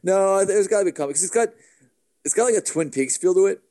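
An easygoing man co-hosts a casual gaming chat, wandering through his thoughts and correcting himself as he goes. His voice is warm and mellow, with an unhurried flow. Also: high voice. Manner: easygoing, meandering, self-correcting. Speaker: podcast co-host.

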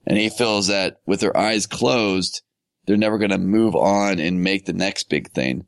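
A man's voice: low voice, unhurried, dry recording. A man co-hosting a gaming podcast, teasing and sarcastic in casual banter. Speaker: podcast co-host.

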